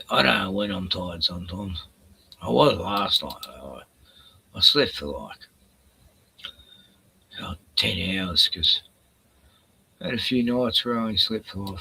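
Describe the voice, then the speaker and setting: Slow gravelly older man. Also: sits low, bright, forceful tone, slight background noise. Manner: profane, chuckling, rambling to chat. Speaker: livestream host. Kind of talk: casual rambling livestream chat.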